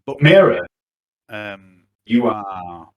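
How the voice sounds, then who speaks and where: A man's voice: fairly low pitch, very animated, extremely slow, low-quality recording. Joking man running a tabletop game. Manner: joking, casual. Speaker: game master. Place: remote online session. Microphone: own computer mic.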